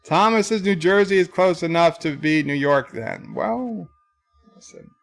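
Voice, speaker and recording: A man's voice: a little high, huge pitch swings, unhurried, vocal fry. A man hosting a casual livestream, singing along to list songs and reading viewer chat aloud with jokes. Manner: sings list songs then reads chat aloud, joking. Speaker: livestream host.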